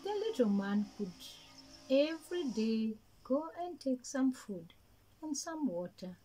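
Woman, children's storyteller, gentle, sing-song, slow, lively pitch, mellow. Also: a little hiss or hum, rough recording. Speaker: kindergarten storyteller.

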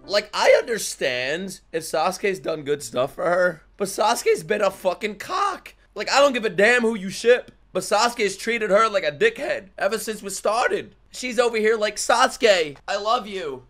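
A man giving casual live reaction commentary while watching an anime, swearing freely and swinging between quiet muttering and loud outbursts. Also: high-pitched, moderate pace, hardly any pauses. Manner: excitable, profane, swings from muttering to shouting. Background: faint anime soundtrack music.

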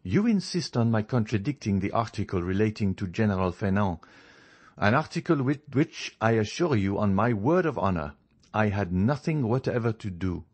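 A man voicing a calm, faintly mocking young male journalist in an audiobook, speaking in a composed, measured way. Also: on the low side. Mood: cool. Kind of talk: audiobook character reading.

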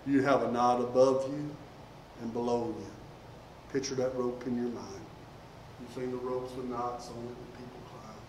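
A man preaching a sermon in a soft, intimate, low-key way. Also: reverberant, recorded from a distance, slight background noise, low-quality recording. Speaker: pastor. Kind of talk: quiet sermon.

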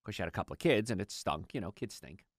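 Lively storytelling male radio host. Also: fairly low pitch, fast talker, no echo, clean studio sound. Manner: animated storytelling, acts out patients' lines. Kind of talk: conversational radio health talk.

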